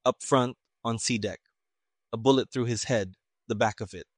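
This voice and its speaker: A man's voice: mid-range voice, normal speed, dry recording, studio quality, natural voice. A man reading an audiobook, voicing a dutiful young army orderly who reports stiffly, as if reciting.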